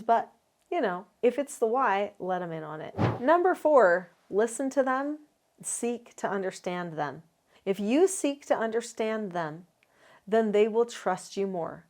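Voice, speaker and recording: A woman's voice: medium pitch, a little mellow. A woman with a mid-range voice delivers parenting advice as an instructional talk. She lays each point out methodically, counting down numbered tips. Her tone stays earnest and encouraging. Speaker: parenting educator.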